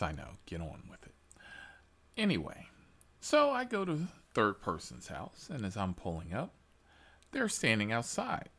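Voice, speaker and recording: Man, low voice, wide pitch swings, slow delivery, profane rant to followers. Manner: animated, profane, emphatic. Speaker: military veteran driver telling a story.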